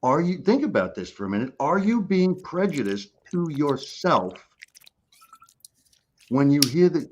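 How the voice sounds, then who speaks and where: A man's voice: on the high side, very animated, a little slow, lo-fi sound. A middle-aged man, a guest life coach, giving an emphatic motivational talk on a call, repeating key phrases for effect in a blunt, casual way.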